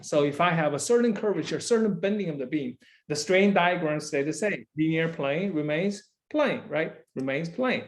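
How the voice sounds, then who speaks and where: A male university lecturer giving a classroom lecture, repeating key phrases and checking in with "right?" after nearly every line. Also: a little high.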